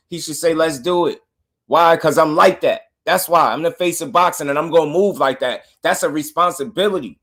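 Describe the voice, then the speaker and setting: A man hosting a live boxing talk stream, speaking in an animated, slangy, repetitive way to his chat. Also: medium pitch. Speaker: boxing talk show host.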